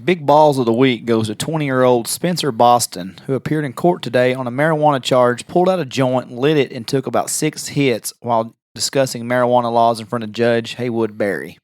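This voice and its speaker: A man's voice: mid-range voice, brisk, few pauses, a little mellow, no echo. A young adult man co-hosting a podcast, chatting casually and trading teasing wisecracks. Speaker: podcast co-host. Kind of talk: casual chat.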